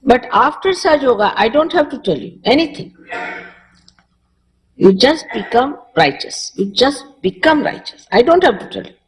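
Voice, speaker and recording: A woman's voice: high voice, sing-song, moderate pace, rough recording. A woman from India with an Indian accent, speaking as a spiritual teacher in a public lecture, conversational and repeating short phrases for emphasis.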